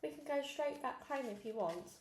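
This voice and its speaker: A woman reading aloud and voicing a gentle, tired man in a soft, kindly way, recorded in a roomy space. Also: sits high, lively intonation, moderate pace, slight background noise, voice pushed up.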